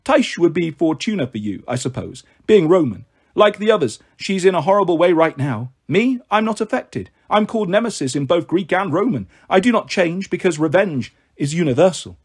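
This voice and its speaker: A man's voice: high voice, sing-song, moderate pace, few pauses, husky, full character voice. A man voicing a sour, scornful goddess of revenge who sneers and cackles, read as a storybook figure.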